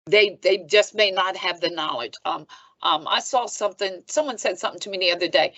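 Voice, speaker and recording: A woman's voice: mid-range voice, pushed and bright, no room sound, lo-fi sound. A woman in her seventies from Philadelphia, a reverend speaking as a podcast guest, emphatic and preacherly, often checking in with "okay?". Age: 70s. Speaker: guest, reverend and foundation president. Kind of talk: conversational podcast interview.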